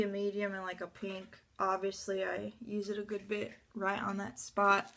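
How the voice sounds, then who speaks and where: A woman's voice: medium pitch, a bit bright. A woman chatting through a makeup tutorial at home in front of her mirror, rambling with offhand asides and muttered whispers. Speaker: beauty vlogger.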